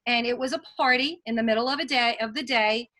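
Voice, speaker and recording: A woman's voice: fairly high pitch, quick pace, sharp tone. A woman leading a team training call, telling earnest, motivational stories and taking questions from the chat. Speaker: sales team leader.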